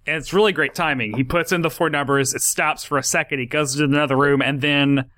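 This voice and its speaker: A man chatting casually as a podcast co-host at home, animated, laughing often and retelling scenes in rambling bursts. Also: on the high side, fairly quick. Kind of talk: casual chat. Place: home office.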